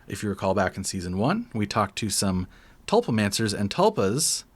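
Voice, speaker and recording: Low-voiced rambling male podcast co-host. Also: big pitch swings, moderate pace, husky. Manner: rambling, self-deprecating, restarts often. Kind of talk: casual podcast chat.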